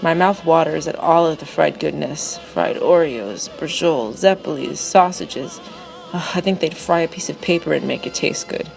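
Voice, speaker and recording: Gravelly low-voiced woman reading her own story, wry and excitable, soft music under it. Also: normal speed, rough recording. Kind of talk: reading a personal narrative essay.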